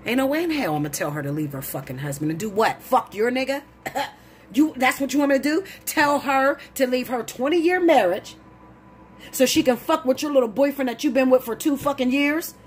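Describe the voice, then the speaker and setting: Blunt, profane woman ranting, voice leaping high. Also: expressive, a little fast, slight background noise. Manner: blunt, profane, preachy, rising to shouts. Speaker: tarot reader. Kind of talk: heated monologue to camera.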